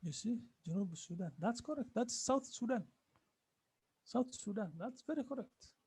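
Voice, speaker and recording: A man teaching an Arabic class, repeating phrases slowly and patiently for his students. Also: very high-pitched, expressive, darkish tone, slightly rough, no room sound. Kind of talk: online language class.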